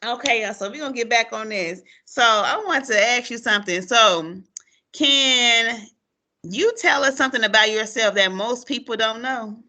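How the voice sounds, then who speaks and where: A woman, talking with a bright, ringing tone. She tells her stories with lots of life, acts out every quoted line, and laughs often. She sits slightly above the usual pitch for a woman. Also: moderate pace. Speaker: podcast host, former teacher. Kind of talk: casual chat with a friend.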